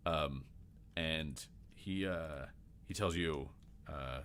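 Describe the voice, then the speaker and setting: A man narrating as game master in a rambling, halting way with many fillers. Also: rumbling low, fairly bright tone, a little hiss or hum.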